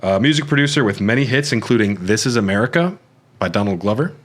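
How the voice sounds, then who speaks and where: Podcast co-host, male, lowish voice, easygoing, fillers and restarts. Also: fast talker. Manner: relaxed, hesitant, lots of fillers and restarts. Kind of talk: casual film discussion.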